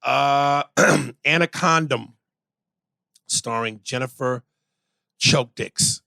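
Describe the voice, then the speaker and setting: Podcast guy, bright punchy voice, reads listener stuff out loud and calls it like he sees it, dry close sound. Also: medium pitch, slow, vocal fry, no echo. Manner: blunt, reads listener messages aloud and rates them. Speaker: podcast co-host. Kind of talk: casual podcast banter.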